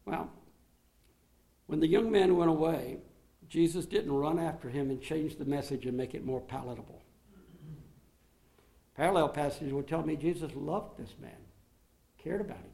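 A man preaching a sermon to his congregation, swinging between emphatic raised passages and quiet, low asides. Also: moderate pace, creaky, long pauses. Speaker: pastor.

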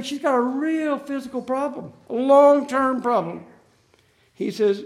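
A man preaching a sermon in an earnest, emphatic way, slowing down to stress key phrases. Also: very high voice, a little mellow.

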